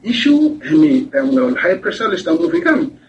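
A man, a weather official giving a halting news interview with rising emphasis. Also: high voice, huge pitch swings, creaky. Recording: dull distant clip with faint noise.

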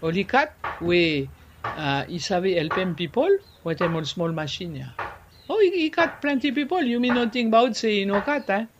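A man, talking casually in an interview. He slips French words into his speech and pauses often to search for words. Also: high-pitched, expressive, muffled recording, noisy background. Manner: searching for words, many fillers. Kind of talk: casual conversation.

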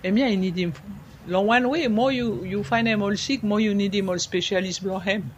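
A man, explaining things in an interview in a halting way, repeating words and slipping into French. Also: high voice, a little hiss or hum. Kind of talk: conversational explaining.

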